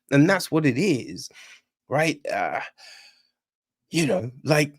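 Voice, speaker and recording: Guy on a film review podcast, feeling rough, slow easy pace, blunt, keeps saying right?. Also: a little high, animated. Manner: conversational, keeps asking "right?" and "you know what I mean?"; blunt, swears casually. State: feeling unwell. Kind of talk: casual chat.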